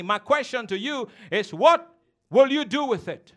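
A man's voice: very high voice, expressive, moderate pace, fairly bright tone. A man preaching a sermon as a pastor, emphatic and teasing, calling on the congregation to respond.

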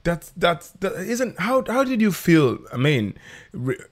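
A man's voice: high voice, very animated, measured pace. A man hosting a podcast, asking eager questions with frequent restarts. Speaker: podcast host. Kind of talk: conversational interview.

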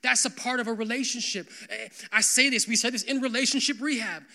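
A young man preaching as pastor, with a bright voice that sits high for a man. He keeps his sermon loose and conversational, full of "like" and quick asides to the church. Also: creaky. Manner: conversational, animated, full of "like" fillers.

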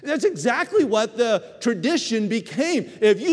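A man preaching a sermon, telling stories with animated delivery and acting out quoted voices. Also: extremely high pitch, unhurried. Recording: reverberant hall.

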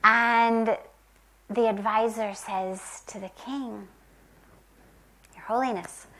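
A woman from the United States telling a spiritual parable in a soft, gentle, reflective way, sometimes dropping to a whisper. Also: a little high. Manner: slow, gentle and reflective, with long pauses. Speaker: spiritual teacher. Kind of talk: spiritual storytelling talk.

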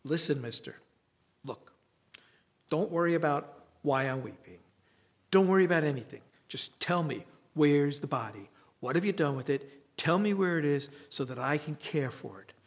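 A man's voice: a little high, animated, normal speed. A man voicing a grieving, indignant woman who pleads and demands answers in a raised voice. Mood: demanding. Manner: exasperated, pleading questions.

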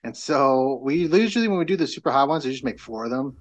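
A man's voice: mid-range voice, animated, fast talker. A middle-aged man chatting as a podcast guest, rambling through a story with lots of fillers and restarts. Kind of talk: casual chat.

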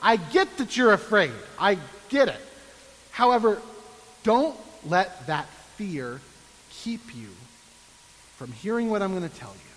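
Animated high-voiced preacher in a hall. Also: male voice, unhurried, long pauses. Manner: sarcastic, animated, mock-complaining. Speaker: pastor. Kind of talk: sermon.

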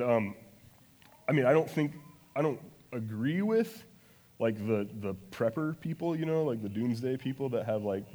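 Casual pastor preaching in an echoing hall. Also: male voice, mid-range voice. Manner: chatty, self-deprecating, acts out prayers with sudden loud passion. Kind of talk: casual conversational sermon. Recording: long hall reverb.

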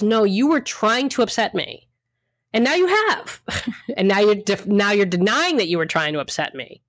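A woman in casual conversation, speaking bluntly and with plenty of emphasis, often restarting her sentences. Her voice sits at an ordinary middle pitch. The recording is close and dry, with almost no room sound. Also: animated, moderate pace, dry recording. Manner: emphatic, frank, mildly profane, rambling with restarts. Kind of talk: casual chat.

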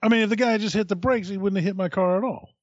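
A middle-aged man, a podcast co-host, telling a profane, animated story in casual chat. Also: high voice, racing, no room sound, dull audio.

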